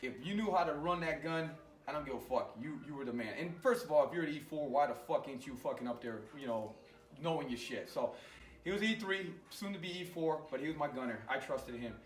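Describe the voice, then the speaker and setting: A man, an Army veteran, telling an animated, profane war story in casual conversation in a garage. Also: a little high, fairly quick, roomy sound, distant mic.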